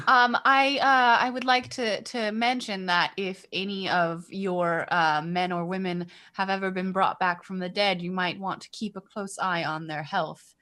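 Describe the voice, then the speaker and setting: Bright-voiced hesitant woman player. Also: mid-range voice, steady tone, unhurried. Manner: hesitant, full of fillers. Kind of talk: in-character tabletop role-play.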